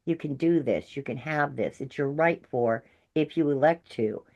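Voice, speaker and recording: A middle-aged woman who works as a peer counselor, telling stories to a group in a lively way and acting out the voices of the people she quotes. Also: deep voice, moderate pace. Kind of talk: storytelling talk to a peer audience.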